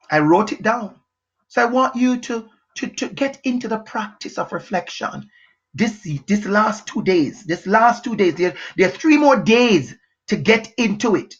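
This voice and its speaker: A Jamaican motivational educator gives an unscripted talk to camera indoors at home, captured on a dull lo-fi recording. His high-pitched, slightly rough voice is emphatic and pushy, repeating his points and sometimes shouting them.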